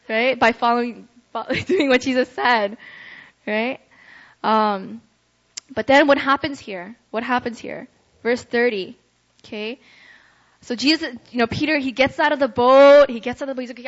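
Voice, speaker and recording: A young woman gives a relaxed, conversational sermon in a fairly high voice, tossing in frequent "right?" check-ins as she talks. The recording sounds a bit dull and lo-fi, with the top end muffled. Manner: chatty, ends phrases with "right?". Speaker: preacher. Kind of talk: casual youth sermon.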